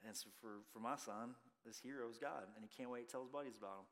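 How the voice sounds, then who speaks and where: A man's voice: medium pitch, fast talker, a bit bright, long reverb tail. A man in his thirties, a pastor giving a conversational sermon full of stories and filler words.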